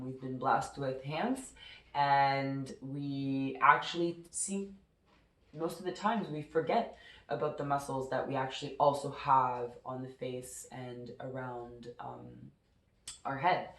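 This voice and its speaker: Woman with a stuffy nose and sore throat, low voice, talking slow and soothing through a meditation, echoey room. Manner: calm, slow, soothing instructions. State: congested with a cold, nasal voice. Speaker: massage therapist guiding a meditation. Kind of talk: casual chat into a guided meditation.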